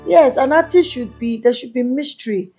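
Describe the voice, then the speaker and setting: This is a woman, a singer, speaking candidly as an interview guest. Her voice sits a little high, and she tells her stories animatedly, slipping into other people's voices whenever she quotes them. Soft music plays faintly beneath her. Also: normal speed.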